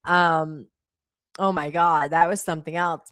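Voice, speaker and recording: A woman's voice: on the low side, a little slow, fairly bright tone, dry recording. A woman hosting a live stream, chatting casually and apologizing in a frazzled, swearing way. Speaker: livestream host.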